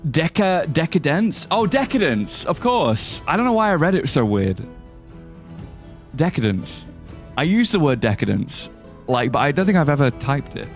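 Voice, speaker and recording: A young man talks through his live stream in a loose, rambling way, reading out viewer messages and joking as he goes. His pitch moves around a lot, lifting sharply when something surprises him. Quiet music plays faintly underneath. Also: very animated, normal speed. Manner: chatty, rambling, reads chat aloud and jokes. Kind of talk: casual live-stream gameplay commentary.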